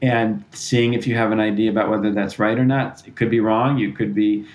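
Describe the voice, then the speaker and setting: A man, a psychologist and author, talking as a podcast guest in a relaxed, thoughtful way, often restarting sentences and acting out short parent-and-child exchanges as examples. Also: fairly low pitch, a little fast. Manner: thoughtful, restarts and self-corrects, acts out parent-child dialogue. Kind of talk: conversational explanation.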